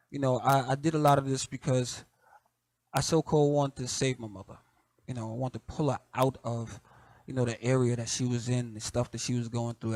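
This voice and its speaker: A middle-aged man with a light Southern accent talks easily and personally, circling his thoughts with "you know". His voice sits at an ordinary pitch for a man. The sound is close and dry, with no room echo. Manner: relaxed, conversational, peppered with "you know", soft laughs. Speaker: host. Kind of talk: casual reflective monologue.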